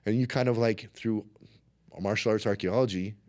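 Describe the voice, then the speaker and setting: A man's voice: on the low side, normal speed. A man, a martial arts instructor, telling stories in a casual interview and acting out the voices of the people in them. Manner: animated, acts out quotes in his stories.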